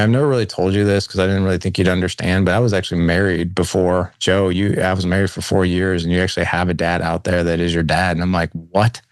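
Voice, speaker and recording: Middle-aged male guest, deep voice, candid storyteller, dry close recording. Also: no room sound. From St. Louis, USA. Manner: candid, conversational, acts out quoted dialogue. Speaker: podcast guest. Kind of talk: personal storytelling interview.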